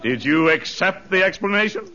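A bright, pompous radio-comedy lawyer. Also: male voice, high-pitched, lively intonation, moderate pace, some chatter behind, full character voice. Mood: questioning. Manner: grandiloquent, stretched-out courtroom oratory. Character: pompous courtroom lawyer for the plaintiff. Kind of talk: 1940s radio comedy acting. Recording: muffled old radio broadcast.

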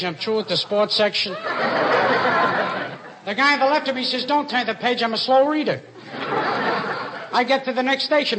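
Man, stand-up comic, very high voice, noisy old broadcast recording, deadpan one-liners. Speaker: stand-up comedian. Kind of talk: rapid-fire stand-up jokes.

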